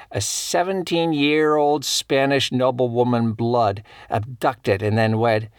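A man's voice: mid-range voice, dry recording, clean studio sound. A man voicing a spry, cheerful elderly woman who loves local history and gossip.

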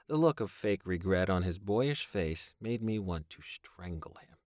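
A man's voice: low-pitched, animated, unhurried, a little mellow, no room sound, studio quality. A man reading a first-person story aloud, wry and sardonic in his narration. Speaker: audiobook narrator.

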